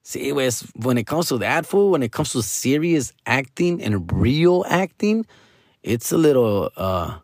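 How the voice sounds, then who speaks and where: A young man with a Chicano accent, switching into Mexican Spanish slang as he vlogs to viewers, profane and animated. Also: mid-range voice, unhurried, dry recording, clean studio sound. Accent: Chicano, English mixed with Mexican Spanish slang. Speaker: vlogger taking acting classes. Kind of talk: casual monologue to viewers. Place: small dim room with a lamp.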